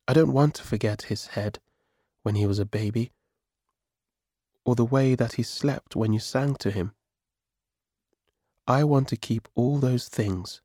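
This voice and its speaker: A man's voice: medium pitch, a little slow, long pauses, no echo, studio quality, lightly acted. A man reading as a weary older husband. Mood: frightened. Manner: weak, quiet voice.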